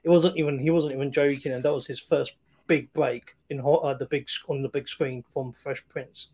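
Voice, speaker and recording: A man's voice: medium pitch, steady tone, brisk, darkish tone, slightly rough. A man chatting casually about films on a remote call, rambling with many fillers and restarts.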